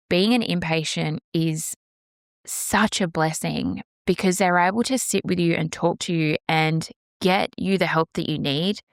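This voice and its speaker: Low-voiced woman, earnest podcast monologue. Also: clean tone, no room sound, studio quality. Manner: earnest, emphatic, passionate. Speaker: podcast host. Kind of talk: candid solo podcast monologue.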